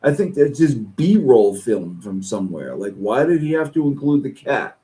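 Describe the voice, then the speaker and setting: A man streaming reaction commentary, ranting angrily and swearing. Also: low-quality recording. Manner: slow-paced, with lively pitch swings. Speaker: streamer reacting to online posts.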